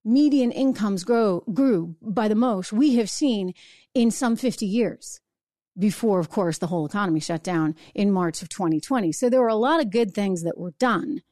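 A woman hosting a political talk show, talking in a brisk, sarcastic, conversational way. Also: medium pitch, lively intonation, dark tone, dry recording, studio quality. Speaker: political commentary host. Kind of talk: opinionated solo talk show.

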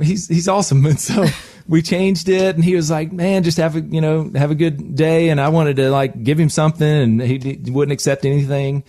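Animated man telling a radio story. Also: a little high, a little fast, no room sound, clean studio sound. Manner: lively anecdote telling with frequent laughs. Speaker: radio show host.

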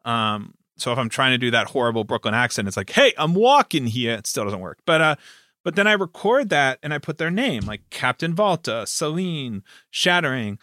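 A man's voice: medium pitch, sing-song, fairly quick, pushed and bright, no room sound, clean studio sound. A man who runs tabletop games, chatting casually and rambling with lots of fillers. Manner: rambling, many fillers and restarts. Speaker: game master and podcast host. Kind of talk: casual chat.

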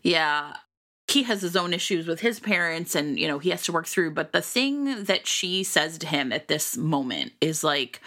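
Bright, chatty woman podcast co-host. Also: low voice, moderate pace. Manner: animated, rambling with many fillers. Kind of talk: casual book-discussion chat.

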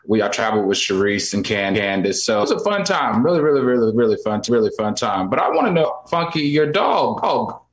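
An easygoing man on a talk show, rambling a bit as he recounts his evening. His voice sits at an ordinary middle pitch. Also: big pitch swings, brisk, hardly any pauses. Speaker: co-host. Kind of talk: casual chat.

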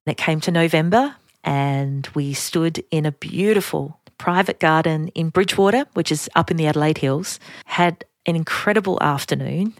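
A middle-aged Australian woman hosts a podcast, telling personal stories in a chatty, self-deprecating way. Her voice sits low and she speaks at a normal speed. The recording is dry, with clean studio sound.

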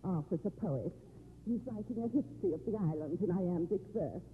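A woman's voice: lowish voice, animated, moderate pace, lightly acted. An actress playing a lonely, sardonic older woman who drinks too much, in 1950s radio drama style, with a mocking, theatrical manner. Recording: dull, faintly hissy 1950s radio broadcast.

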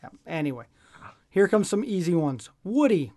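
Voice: mid-range voice, sing-song, moderate pace, dark tone. Upbeat teasing podcast co-host. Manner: teasing, upbeat list-reading. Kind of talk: casual chat.

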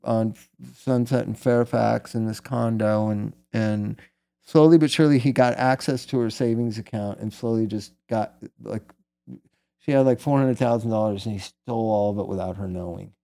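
A middle-aged man with a gravelly, creaky voice tells a personal story in an easy, conversational way. His tone sits dark and mellow, and he rambles candidly and checks in with his listener as he goes. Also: fairly low pitch, normal speed. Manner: candid, rambling, many fillers like "right?" and "like". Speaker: guest telling a personal story.

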